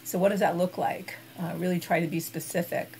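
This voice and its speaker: A woman giving an instructional talk as an expert on emotional eating, guiding gently and unhurriedly with soft hesitations. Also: lowish voice, fairly even intonation, a little fast, creaky, a little hiss or hum, low-quality recording.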